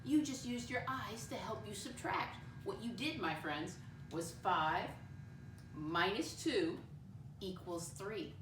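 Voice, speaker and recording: A patient woman teaching young children in a classroom, slowly spelling words out letter by letter. Her voice sounds roomy and sits a little away from the mic. A faint hum of background noise runs underneath. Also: medium pitch, far from the mic. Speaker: first-grade teacher.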